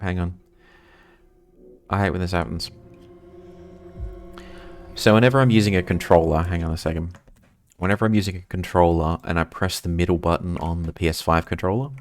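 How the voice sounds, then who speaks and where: A man's voice: low-pitched, dry recording. An Australian man streaming a game, chatting casually and rambling while reading his chat aloud.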